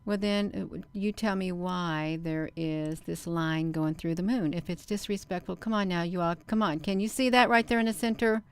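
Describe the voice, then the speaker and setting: This channel host, a woman with a low voice, runs casual live commentary over camera footage at a normal speed with few pauses and a clean tone. She stays animated and chatty, repeatedly saying "you all" to her viewers and leaning hard on her points in emphatic bursts so they'll look where she points.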